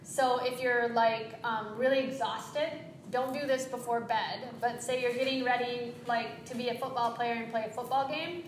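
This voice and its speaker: Gentle woman guiding breathing in echoey room. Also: fairly high pitch, steady tone, slight background noise. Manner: gentle, encouraging, slow cueing with quick asides. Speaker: yoga teacher. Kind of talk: guided breathing instruction.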